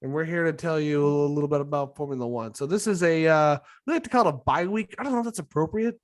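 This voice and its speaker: A man co-hosting a casual podcast from his home office, animated and often laughing, with some swearing. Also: on the high side, fast talker. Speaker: podcast co-host. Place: home office, door open. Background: dogs barking.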